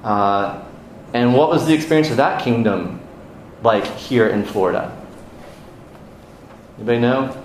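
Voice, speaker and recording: An American man preaches to his congregation in a church, teaching conversationally and putting questions to the room. His voice sits at an ordinary pitch and rings out with heavy echo. A faint background noise runs underneath. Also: a little slow, pauses often. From United States. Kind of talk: sermon.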